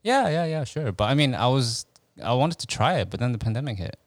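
Animated man in his thirties, chatting. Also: medium pitch, dry recording, clean studio sound. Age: 30s. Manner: animated, laughing, quick asides. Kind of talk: casual chat.

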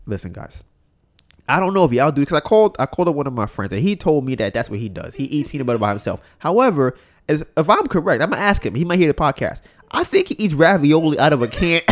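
A man's voice: fairly high pitch, sing-song, fast talker. A young man hosting a podcast, telling a casual story in slangy talk and acting out both sides of it. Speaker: podcast host.

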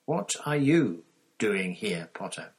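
A husky man voicing a cold, sneering male schoolmaster in a storybook reading, drawling slowly and letting each line sink to a murmur. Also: lowish voice, big pitch swings, full character voice. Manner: slow, drawling, dropping to a murmur at the ends of lines.

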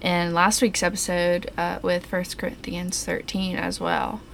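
A young woman co-hosting a faith podcast, reading her prepared points in a steady way. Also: on the low side, measured pace, gravelly, slight background noise. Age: young adult. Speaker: podcast co-host. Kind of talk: casual faith discussion.

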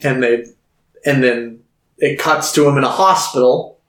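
A man's voice: medium pitch, measured pace, a bit bright, roomy sound, poor audio. A young man co-hosting a podcast, casually recapping a film scene by scene and acting out the characters' lines. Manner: retells scenes, acting out quotes. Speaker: podcast co-host.

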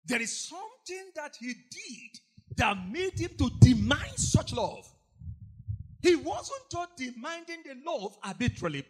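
Male preacher, very high-pitched, lively swings in pitch, shouts and repeats lines. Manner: impassioned, repetitive, bursts into shouting and snatches of song. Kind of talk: sermon.

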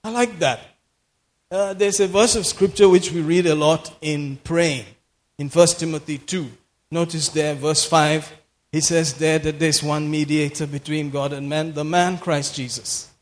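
A man's voice: a little high, steady tone, unhurried. A man preaching a sermon in a church, emphatic, repeating phrases for effect and laughing often. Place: church hall. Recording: long hall reverb.

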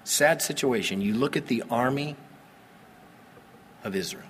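A man preaching a sermon, pastor at the pulpit, animated with sudden loud emphasis. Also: medium pitch, measured pace, in a large hall, a little hiss or hum.

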